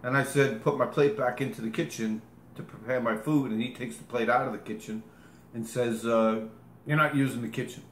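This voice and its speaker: A man's voice: mid-range voice, steady tone, moderate pace, a little hiss or hum. A man telling a long personal story in casual talk, rambling and correcting himself as he goes, acting out movements. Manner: rambling, self-correcting, demonstrates with gestures. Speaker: interviewee. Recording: echoey room with faint ambience.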